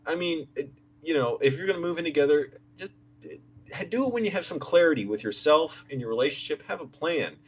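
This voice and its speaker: The young vlogger, who serves as the channel's creative director, sits on the high side in pitch and talks fairly quickly with lively intonation. He rambles candidly to viewers in a casual live stream, restarting often while complaining about landlords and roommates, and there's slight background noise.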